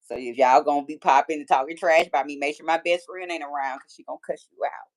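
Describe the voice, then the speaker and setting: She talks fast in a low voice with fairly even intonation. A woman in her forties with a Detroit accent, she hosts a relaxed livestream where she trades trash talk playfully and reads comments from her viewers.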